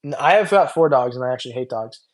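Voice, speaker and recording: Male stream host, mid pitch, tired and loose, joking banter over chat comments. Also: expressive, quick pace. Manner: loose, rambling, joking, many fillers. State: tired after a long stream. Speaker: reptile channel host. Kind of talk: casual livestream chat reading comments.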